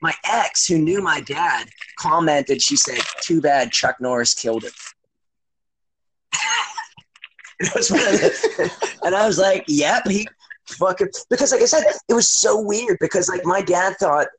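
A man's voice: sits high, animated, moderate pace, noisy background. Rambling, profane middle-aged man. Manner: rambling and profane, heavy with "like" and "you know". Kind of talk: casual storytelling chat.

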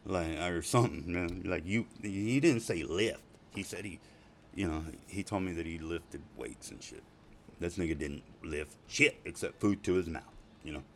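A middle-aged man with a very low voice talks in a loose, rambling way, full of swearing and laughter, that turns tender when he speaks of his family. It is a personal video message with faint noise in the background. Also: moderate pace. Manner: profane, rambling, laughing, emotional.

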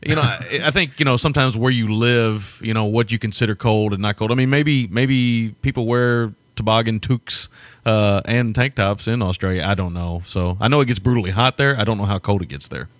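A man from the States chats loosely about a film on a podcast. His voice sits a little low, and it sounds close and dry with no room around it. He rambles, laughs a lot and lets the odd swear word slip. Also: fairly quick, no echo. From United States. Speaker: podcast co-host. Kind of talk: casual film review chat.

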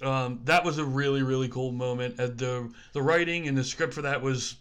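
A man's voice: mid-range voice, fairly even intonation, fairly bright tone, smooth. Laid-back guy cohosting a podcast, lots of ums and laughs. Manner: easygoing, halting, laughs often. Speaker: podcast co-host. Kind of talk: casual chat.

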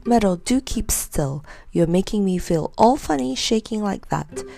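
A stern aunt with a short temper, snapping and scolding in a raised, sharp voice, put on by a woman reading a storybook aloud. A gravelly edge runs under her lines. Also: mid-range voice, expressive, unhurried. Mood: cross.

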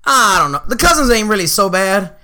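A young man co-hosting a casual podcast, telling profane stories with plenty of laughs and animated impressions. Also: high-pitched, a little fast. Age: young adult. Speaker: podcast co-host.

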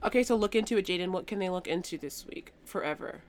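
A woman's voice: fairly low pitch, quick pace. A woman co-hosting a podcast in casual chat, trailing off with fillers and correcting herself as she goes. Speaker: podcast co-host.

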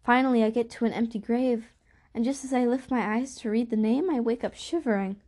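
A woman's voice: on the high side, a little fast, dark tone, natural voice. A woman reading an audiobook, voicing a superstitious older aunt who tells a nightmare with hesitant fear. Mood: fearful.

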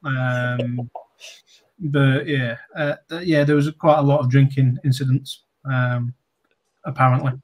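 A man's voice: medium pitch, steady tone, measured pace. A man in his forties, a former sportsman, telling casual anecdotes with lots of ums, restarts and laughs. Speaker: guest, former cricketer. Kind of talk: casual interview storytelling.

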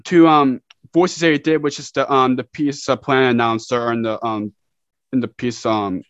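A man co-hosting, asking a guest a question in a halting way, with many ums and likes. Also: medium pitch, fairly even intonation, dry recording. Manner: halting, hesitant, many fillers. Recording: dull muffled audio.

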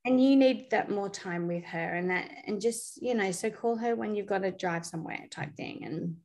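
A woman giving a casual spiritual reading, chatty and quick, passing on messages to the person in front of her. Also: mid-range voice. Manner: chatty, warm-voiced, relays messages with "they're saying". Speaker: psychic reader.

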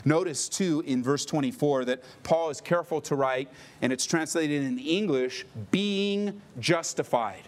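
A middle-aged male pastor preaches with emphatic, animated delivery and throws in joking asides. His speaking voice sits fairly high for a man. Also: normal speed, few pauses. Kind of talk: sermon.

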